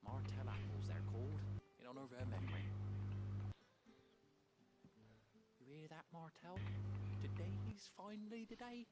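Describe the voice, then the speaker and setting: An actor playing a gentle man who proudly tends a fruit tree, speaking in a halting, earnest voice in a game scene. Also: a little high, sing-song. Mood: tender. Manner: halting, earnest, a little hesitant. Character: gentle man tending an orchard, proud of his late friend's fruit. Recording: game audio with loud music underneath.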